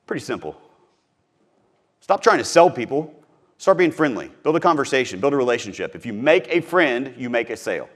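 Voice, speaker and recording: A man's voice: medium pitch, sing-song, a little fast. A middle-aged man from Missouri giving a punchy, emphatic motivational talk on sales, repeating his key phrases. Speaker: podcast host teaching sales.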